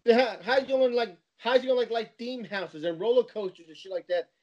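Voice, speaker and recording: A man chats casually with a notably high voice, telling stories with animated energy. The recording sounds dull and lo-fi. His retellings swing into excited outbursts. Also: brisk. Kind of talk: casual chat.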